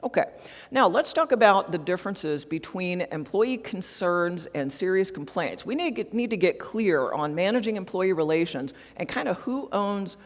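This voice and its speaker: At a conference, a woman with a fairly low, animated voice gives an interactive HR training workshop at a moderate pace, frequently checking in with the audience through tag questions. The large conference hall adds long reverb to the recording.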